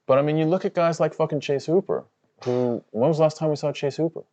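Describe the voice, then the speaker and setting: A man's voice: on the high side, fast talker, mellow, lo-fi sound. A man co-hosting a live fight watch-along stream, giving casual, profane, analytical commentary full of "you know" fillers.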